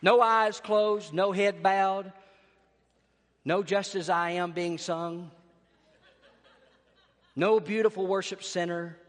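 Preacher in a reverberant hall. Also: male voice, sits high, steady tone, slow, pauses often. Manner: storytelling preacher, swings from hushed to loud. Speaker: pastor. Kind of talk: sermon.

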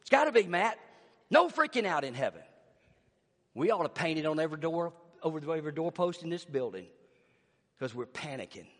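A man preaching a sermon, swinging between hushed, intimate passages and shouted emphasis. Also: fairly high pitch, big pitch swings, a little fast, pauses often. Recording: long hall reverb.

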